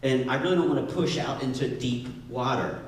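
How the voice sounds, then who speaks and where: A man voicing an exhausted, skeptical fisherman in a low, sarcastic grumble. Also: fairly quick, close to an everyday voice. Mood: grumbling. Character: grumbling, bone-tired male fisherman. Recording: echoey hall, distant mic.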